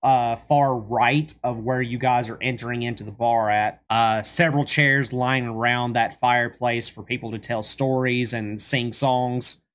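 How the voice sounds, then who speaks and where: A man's voice: mid-range voice, fairly even intonation, a little slow, hardly any pauses, a bit bright. Casual, swearing male game master. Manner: loose and casual, swears, many fillers and restarts. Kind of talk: narrating a tabletop game over a voice call.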